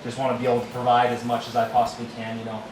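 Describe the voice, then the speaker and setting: A man's voice: medium pitch, background noise. A man from Denver eagerly telling a group how he came to join the community. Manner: eager and excited, rushing through his story. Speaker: business owner introducing himself. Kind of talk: personal testimony to a group. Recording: echoey room, distant mic, faint crowd.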